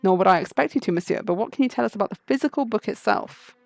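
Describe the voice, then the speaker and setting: A woman voicing a sharp male falcon defense attorney who talks in a brisk, commanding way. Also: mid-range voice, animated, vocal fry, no echo. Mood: polite.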